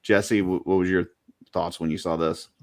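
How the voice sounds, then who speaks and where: A man's voice: sits low, steady tone, normal speed, a little mellow, dry recording, studio quality. A man co-hosting a casual podcast, rambling through long lists with lots of fillers. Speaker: podcast co-host. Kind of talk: casual chat about collectible toys.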